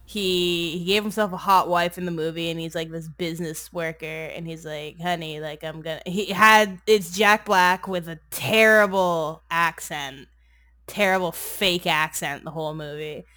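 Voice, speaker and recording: Speaking unhurriedly in a steady, sharp, fairly low voice, this podcast co-host casually rehashes a film for a comedy show. Her delivery is rambling, sarcastic and crude, full of swearing and endless "like"s.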